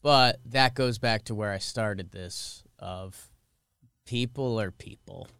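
A man's voice: on the low side, slow pace, gravelly, smooth, dry recording, studio quality. A man co-hosting a podcast, chatting casually and jokily about sports. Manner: animated, joking, rambling. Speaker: podcast co-host.

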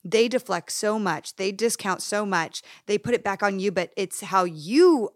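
A woman hosting a podcast who chats casually in an expressive, relatable, animated way. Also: medium pitch, measured pace, no echo, clean studio sound. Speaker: podcast host. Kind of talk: casual chat.

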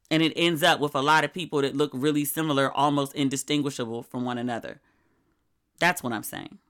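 A middle-aged woman hosting a solo podcast, talking candidly and wryly, with animated retellings and drawn-out words for emphasis. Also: deep voice. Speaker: podcast host.

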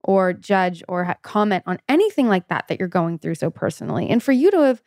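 A woman's voice: medium pitch, very animated, fairly quick, darkish tone, dry recording, studio quality. A woman co-hosting a podcast, speaking in an earnest, supportive way and talking openly about personal experience. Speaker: podcast co-host. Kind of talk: conversational interview.

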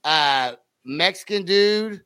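A man's voice: high-pitched, expressive, takes it slowly, sharp tone, clean tone, dry recording. A man from Oklahoma, a podcast host, rambling and joking with many restarts. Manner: rambling, restarts a lot, jokey. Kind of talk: casual chat.

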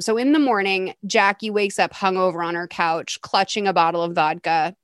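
A woman's voice: medium pitch, a bit bright, smooth, no echo. A young adult woman hosting a podcast, recapping a movie in a chatty, sarcastic way. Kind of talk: casual movie recap chat.

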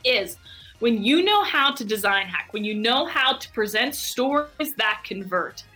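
Faint music plays behind this guest, a marketing agency owner whose voice is on the high side and measured in pace. She talks in a lively, conversational way, acting out the voices of people in the stories she tells.

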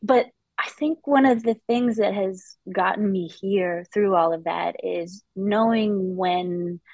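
A woman interview guest, speaking reflectively and openly, with halting restarts, on a close mic. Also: medium pitch, creaky, darkish tone, no echo, poor audio. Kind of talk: candid interview conversation.

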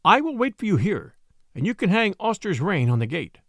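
A man voicing an earnest young gentleman rider in a storybook reading. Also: high voice, very animated, fairly quick, no room sound, studio quality, heavily acted. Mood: calm.

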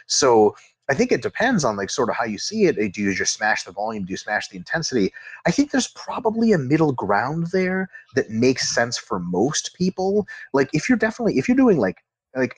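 A man talking casually on a podcast as a guest expert on training, animated and profane. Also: mid-range voice, husky, no echo. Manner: animated, profane, acts out quotes.

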